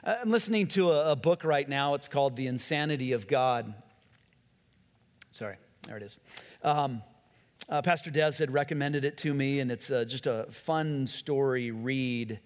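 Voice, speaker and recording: A man's voice: mid-range voice, moderate pace, big-room sound. A man preaching a sermon in a conversational way, acting out quotes and often restarting his sentences. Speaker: pastor.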